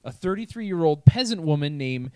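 Young guy cracking crude jokes on a podcast, a bit high voice, dry close sound. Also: lively intonation, normal speed, darkish tone, smooth, no echo. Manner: crude, swearing, jokey. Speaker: podcast host. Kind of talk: casual comedic storytelling.

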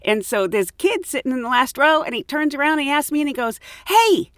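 A woman who is a flight attendant and podcast host, telling travel stories in a lively way and acting out the voices of people in them. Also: sits high, fast talker, no room sound, clean studio sound. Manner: animated, acts out quoted voices with laughs. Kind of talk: casual anecdotal storytelling.

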